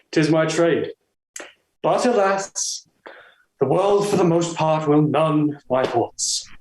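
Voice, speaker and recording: An actor playing a playful male poet who savours phrases, with lively, stammering Elizabethan stage delivery. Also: fairly high pitch, takes it slowly, pauses often, roomy sound.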